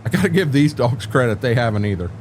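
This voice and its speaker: Older male streamer, folksy rambler, mid-pitched voice, faint background noise. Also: big pitch swings, quick pace, a little mellow. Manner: rambling, folksy, joking, repeats words. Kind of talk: casual live-stream chat with viewers.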